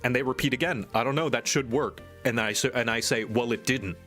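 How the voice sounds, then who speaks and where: A man's voice: mid-range voice, fairly quick, sharp tone, soft background music. A man streaming live, in casual chat and ranting with exasperation. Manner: exasperated, venting rant. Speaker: streamer and animator.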